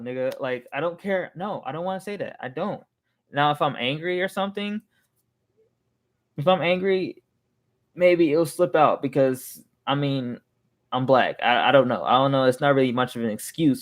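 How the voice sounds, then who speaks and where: A young man venting in a casual, rambling monologue, heated and swearing freely, often restarting his sentences. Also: mid-range voice. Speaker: vlogger.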